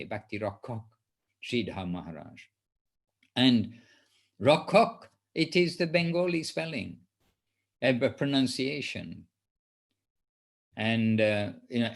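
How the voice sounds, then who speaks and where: A man leading a spiritual class, answering a question in a gentle, reassuring way with many pauses. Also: medium pitch. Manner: soft-spoken, reassuring, hesitant with fillers. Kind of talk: gentle explanatory teaching.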